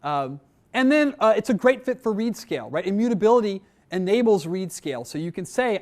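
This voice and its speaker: A man's voice: high voice, expressive, brisk, a little mellow. A man teaching a technical class, talking conversationally with frequent "right?" checks and filler words, addressing his students directly. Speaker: instructor. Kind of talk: technical training lecture.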